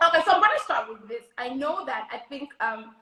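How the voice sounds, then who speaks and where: High, bright-voiced woman in an echoey room. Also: expressive, a little fast, a crowd in the background. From Zambia. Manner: earnest, explains with conviction. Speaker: co-host and minister. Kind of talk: casual live-stream talk.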